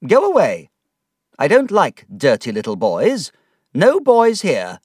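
A man voicing a brusque elderly aunt who gives sharp commands, in a read-aloud storybook. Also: fairly high pitch, huge pitch swings, slow, husky, dry recording, clean studio sound, voice pushed up, heavily acted. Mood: stern. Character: brusque elderly aunt, stern but kind underneath.

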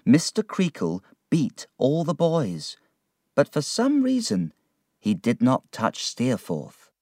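A man narrating a storybook in a slow, clear, expressive reading. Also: medium pitch, no echo, studio quality. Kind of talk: storybook narration read aloud.

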